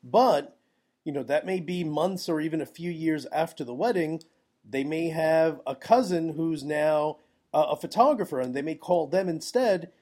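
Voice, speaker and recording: A man hosts his own podcast, giving emphatic, upbeat business advice. His voice sits a little high and sounds groggy. He talks casually, as if chatting with friends. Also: moderate pace. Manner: energetic, emphatic, conversational. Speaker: podcast host, wedding photographer. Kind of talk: solo podcast advice talk.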